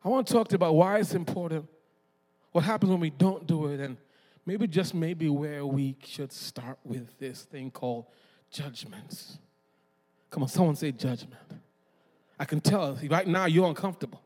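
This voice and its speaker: A man preaching as a guest pastor, animated and joking, calling on the congregation to answer back. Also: on the high side, normal speed. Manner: animated, calls for audience response, self-deprecating jokes. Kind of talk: energetic sermon. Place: church hall. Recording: long hall reverb.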